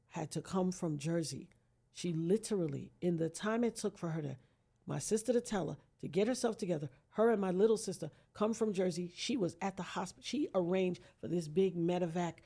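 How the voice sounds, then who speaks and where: A woman's voice: fairly low pitch, mellow. Earnest woman telling a dramatic story. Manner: vivid storyteller who acts out quoted voices; earnest, invokes God. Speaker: podcast guest.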